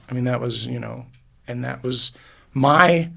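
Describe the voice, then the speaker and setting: A man's voice: mid-range voice, unhurried, gravelly, fairly bright tone. A man, a musician guest in a podcast booth, telling his story in a casual, earnest, rambling way with many restarts. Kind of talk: casual interview.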